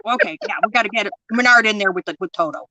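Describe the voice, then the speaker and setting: Woman, enthusiastic actor guest, bright and higher voice, dry close sound. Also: rapid-fire, dry recording, rough recording. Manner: enthusiastic, laughs often. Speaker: guest actor in fan films. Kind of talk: casual chat.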